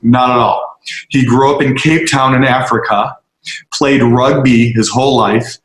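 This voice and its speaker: A man of middle pitch tells a heartfelt story to a group, leaning into each line with earnest emphasis and playing out the voices in it. His voice carries the echo of a roomy space around him. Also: fairly even intonation, a little slow. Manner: earnest, emphatic storyteller who acts out quotes. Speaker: guest speaker. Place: on location with a tour group.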